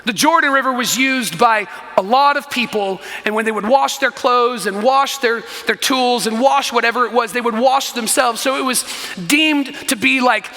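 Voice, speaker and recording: A man preaching a sermon as pastor, telling the story in an animated way with frequent asides to the congregation. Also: extremely high pitch, moderate pace, long reverb tail. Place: church sanctuary.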